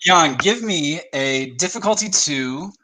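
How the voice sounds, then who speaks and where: A man running a tabletop game as game master, narrating quickly and filling gaps with "like" and "uh". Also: a little high, expressive, background noise.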